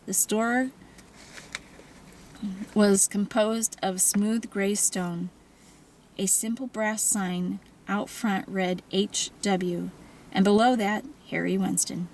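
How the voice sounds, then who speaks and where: A woman narrating a novel in a calm, even storytelling manner. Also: mid-range voice, slow pace, pauses often, slight background noise, low-quality recording. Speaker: audiobook narrator.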